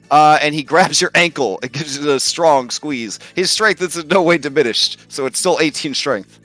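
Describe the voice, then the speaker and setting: A man narrating as game master of a tabletop game, animated and laughing often. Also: fairly high pitch, normal speed, dry recording, faint music behind.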